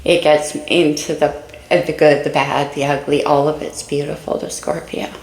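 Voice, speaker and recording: A woman's voice: low-pitched, little pitch movement, moderate pace, darkish tone, reverberant, low-quality recording. A woman giving a casual spoken tarot reading, musing and speaking straight to her viewers while a little out of breath. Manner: dreamy, musing, talks to viewers directly. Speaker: tarot reader.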